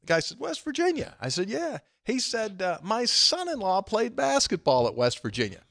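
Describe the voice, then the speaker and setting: A man hosting a casual sports chat, telling stories in an animated way and chuckling as he mimics the people he quotes. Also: moderate pace, no echo, clean studio sound. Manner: animated, acts out quoted voices with big jumps in pitch; chuckles often while telling a story. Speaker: podcast host.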